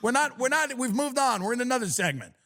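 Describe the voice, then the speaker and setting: High, lively man ranting on a podcast. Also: fast. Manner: loud, mocking, exaggerated. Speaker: podcast host. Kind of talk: comedic rant.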